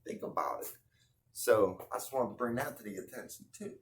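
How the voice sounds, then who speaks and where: A man's voice: fairly low pitch, expressive, fairly quick, a little hiss or hum. Earnest man musing in rhetorical questions. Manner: slangy, with restarts. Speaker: online video host. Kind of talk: casual religious commentary.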